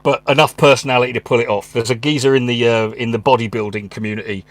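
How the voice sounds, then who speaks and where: A man's voice: medium pitch, steady tone, fast talker, no echo. A man, a stand-up comedian, talking casually at home in a rambling, sweary, stop-start way. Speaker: stand-up comedian and channel host. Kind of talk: casual monologue. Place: his room at home.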